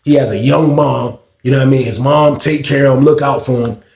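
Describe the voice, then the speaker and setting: A young man telling a casual story in an animated, profane, rambling way, heard in a roomy echo. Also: medium pitch, fairly quick, vocal fry. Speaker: storytime vlogger.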